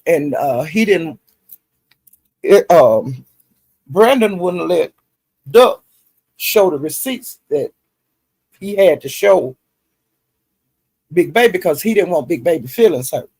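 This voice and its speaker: A man's voice: on the high side, expressive, slow, gravelly, pauses often, darkish tone, breathy edge. A man, recapping online drama in a rambling, folksy way full of fillers. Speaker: YouTube commentary host.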